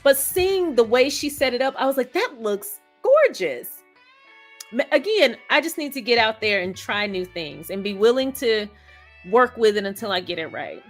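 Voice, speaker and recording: A woman's voice: on the high side, animated, normal speed, faint music behind. A woman hosting a live stream, chatting casually, laughing often and greeting viewers by name. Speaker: host of a live stream discussion. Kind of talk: casual live chat reading viewer comments.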